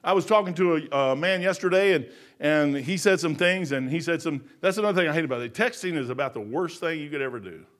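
An older man preaching a folksy sermon, telling stories and swinging from quiet muttering to loud, emphatic lines. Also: fairly high pitch, fast.

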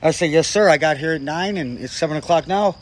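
A man with a fairly high voice talks fast, spinning a story in casual conversation as a guest storyteller. He swears freely and acts out what the people in it said.

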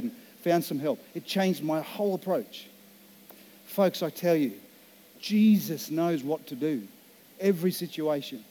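A man preaching as a pastor, telling a personal story in an earnest, slow and emphatic way, in a church setting. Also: fairly high pitch, dark tone. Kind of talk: sermon.

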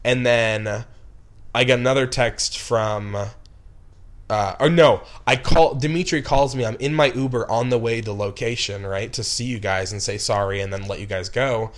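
A young man directing films spins a long, meandering story, piling on "like" and restarting his sentences. His voice sits at a middling pitch and rises into heated bursts when he gets worked up. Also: normal speed. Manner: rambling, heavy with "like" and restarts, flares into angry outbursts. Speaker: film director. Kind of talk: casual storytelling.

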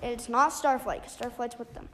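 High-voiced woman recapping a book haltingly. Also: fairly even intonation, a bit bright, a little hiss or hum. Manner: halting, many restarts and fillers. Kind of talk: casual spoken book recap.

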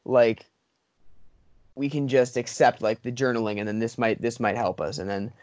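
A man's voice: mid-range voice, normal speed, darkish tone, dry recording, studio quality. A man hosting a podcast, asking questions in an enthusiastic, rambling way full of fillers. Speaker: podcast host. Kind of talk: podcast interview.

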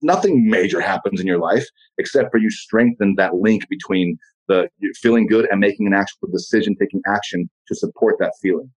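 Man, podcast guest, rapid delivery, raspy voice, profane, animated. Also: lowish voice, low-quality recording. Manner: blunt, profane, animated storytelling. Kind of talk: casual motivational talk.

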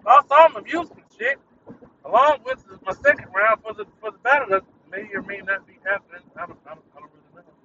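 A man's voice: high-pitched, huge pitch swings, fast, sharp tone, far from the mic, highs cut off, a little hiss or hum. A young man ranting casually, irritated and swearing, breaking into laughter at his own jokes. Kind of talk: casual venting monologue.

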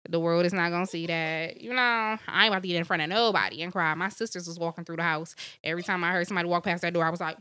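Young female podcast co-host, bright, dry-miked, candid and animated. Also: on the low side, rapid-fire, hardly any pauses, clean tone, no echo. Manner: candid, animated storytelling with acted-out quotes. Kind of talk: casual podcast chat.

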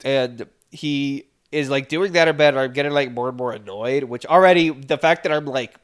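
Young dude podcast cohost, rambling story, does little voices for quotes. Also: male voice, medium pitch, normal speed. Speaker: podcast co-host. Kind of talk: casual chat.

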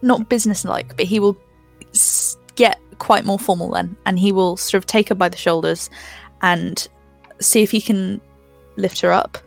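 A woman's voice: mid-range voice, fairly even intonation, normal speed, gravelly, soft background music. A woman playing a tabletop game, describing her character's actions tentatively. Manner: tentative, thoughtful. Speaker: player. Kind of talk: tabletop role-play.

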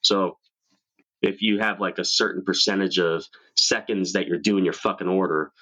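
A man's voice: low voice, steady tone, moderate pace, pushed and bright. A man from New York hosting a casual chat show, swearing freely and laughing often. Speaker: podcast host.

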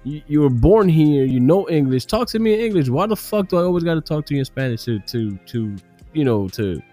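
Man, mellow dark voice, ranting, lots of swearing, podcast chat. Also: fairly high pitch, lively intonation, brisk, faint music behind. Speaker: podcast co-host. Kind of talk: casual podcast banter.

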